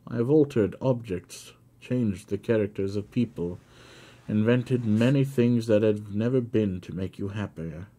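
A man reading a classic novel aloud, voicing a gentle old father who pleads as he confesses. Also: fairly low pitch, unhurried, voice pushed up. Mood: pleading. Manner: pleading, tender.

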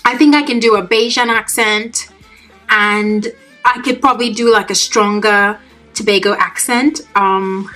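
A woman's voice: mid-range voice, steady tone, unhurried, sharp tone, faint music behind. A young woman from Trinidad doing a put-on British accent, chatty and gushing as she voices over a makeup tutorial. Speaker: beauty vlogger.

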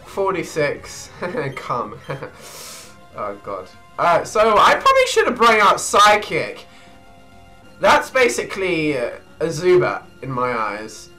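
A young man giving hyper, excitable gameplay commentary, often breaking into shrieks and laughter. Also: fairly high pitch, takes it slowly, faint music behind, rough recording. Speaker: let's play gamer.

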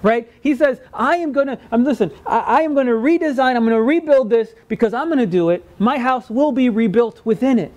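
A male pastor preaching a sermon in a conversational way, often asking "right?" and acting out quoted words in lively voices. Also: extremely high pitch, brisk, few pauses, muffled recording.

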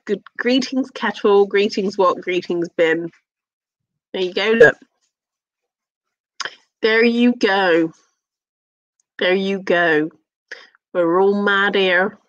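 Young English woman streamer, unhurried and sweary, close dry mic. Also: medium pitch, a bit bright, no room sound, lo-fi sound. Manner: chatty, sweary, teasing, many fillers. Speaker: live streamer. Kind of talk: casual live-stream chat.

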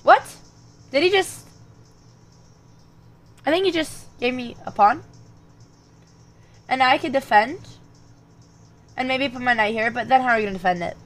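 A woman's voice: high-pitched, moderate pace, pauses often, soft background music. A young woman streaming chess, thinking her moves aloud and breaking off to chat with her viewers. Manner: muttering calculations, then bursts of animated chat with viewers. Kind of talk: thinking aloud while playing chess online.

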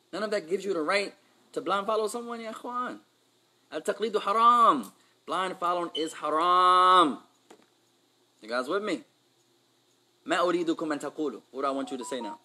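A man teaching a class, his voice bright and forceful and a little higher than most men's. He jumps between Arabic and English, quizzes the room and slips in playful street slang. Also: lively intonation, brisk, pauses often, a little hiss or hum. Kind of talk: Islamic class lesson.

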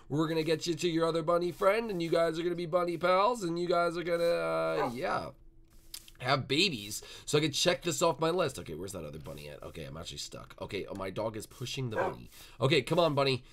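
A man hosting a Minecraft roleplay video, chattering excitedly and coaxing the game animals along. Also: medium pitch. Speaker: gaming channel host.

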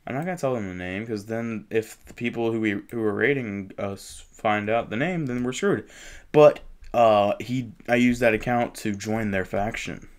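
A young man with a cold hosting a casual gameplay commentary, chatty and excitable, rambling as he goes. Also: on the low side, moderate pace. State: has a cold, sniffling. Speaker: gaming channel host. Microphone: desktop mic with face cam.

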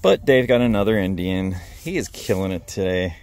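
A man's voice: deep voice, lively intonation, normal speed, a little mellow. A man hosting a metal detecting vlog, narrating casually on the spot outdoors at a dig site and cheering on his friends in an upbeat way.

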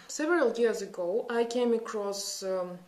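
In an echoey room, a woman in her thirties with a Russian accent films a casual makeup tutorial, chatting and musing aloud as a beauty vlogger. Her voice sits at medium pitch, a little mellow, and she speaks a bit slowly.

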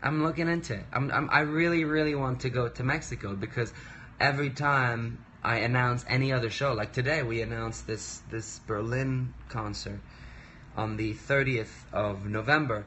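A man in his thirties talks loosely into his phone from a desk at home, with a middle-pitched voice. He rambles, trips over his own words, and keeps the mood light and playful. Faint noise sits behind him. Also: fairly even intonation, normal speed, fairly bright tone. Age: 30s. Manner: rambling, self-interrupting, playful and chatty. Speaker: musician livestreaming. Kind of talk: casual livestream chat.

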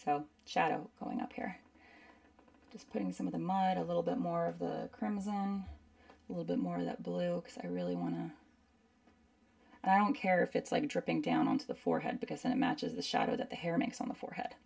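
A woman's voice: on the low side, expressive, a little fast, gravelly, darkish tone, recorded from a distance. A woman instructor chatting casually through a live painting demo, rambling and saying "like" a lot. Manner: chatty, rambling, uses lots of "like". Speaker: art instructor.

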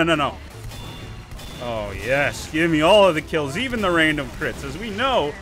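A man's voice: a little high, bright, forceful tone. A young man giving casual, playful commentary over his own gameplay, joking and talking to enemy players. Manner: playful, talks to enemy players, jokey asides. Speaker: gaming YouTuber.

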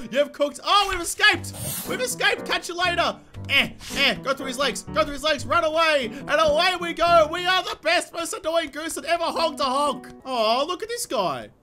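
Excitable high-voiced man. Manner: excitable, giggly, swings between hushed scheming and loud outbursts. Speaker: gaming YouTuber. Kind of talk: gameplay commentary.

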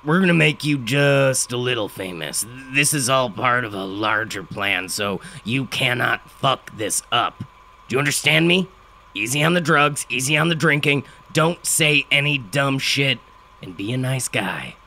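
A man voicing a crude, groggy older father with a gravelly tenor, blunt and profane. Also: mid-range voice, animated, a little slow, pushed and bright, slight background noise. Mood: gruff, blunt.

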